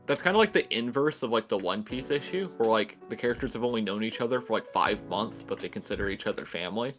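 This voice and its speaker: A man chatting casually as a guest, rambling in a relaxed way with lots of filler words. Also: lowish voice, fast talker, music in the background. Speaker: guest co-host. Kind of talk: casual chat.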